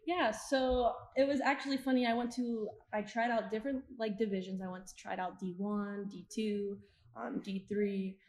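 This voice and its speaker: A young woman in her twenties chats through her stories as a podcast guest. She acts out her own past lines and laughs often. Her voice sits at an ordinary pitch in an echoey room. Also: steady tone, normal speed, a little mellow. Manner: chatty, retells scenes with quoted asides and frequent laughs. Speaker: podcast guest, soccer coach. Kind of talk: casual interview storytelling. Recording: roomy echo.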